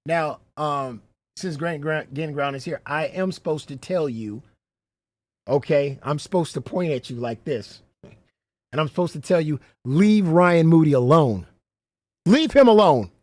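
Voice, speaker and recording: A man's voice: on the high side, unhurried, no room sound. A man hosting a casual livestream, rambling, swearing freely and breaking into laughter often. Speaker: livestream host.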